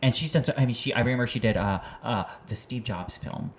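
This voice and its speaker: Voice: mid-range voice, fast talker, slight background noise. Chatty podcaster who keeps searching for words. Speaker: podcast co-host. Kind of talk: casual chat.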